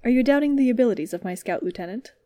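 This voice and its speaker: A woman voicing a deadpan, teasing male soldier commander in a storybook reading, dry and straight-faced. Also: on the high side, very fast, dry recording, natural voice.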